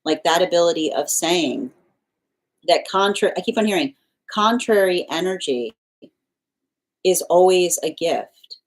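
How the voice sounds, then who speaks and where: A woman giving a live tarot reading, rambling and circling back with repeated phrases and restarts. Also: low-pitched. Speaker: tarot reader.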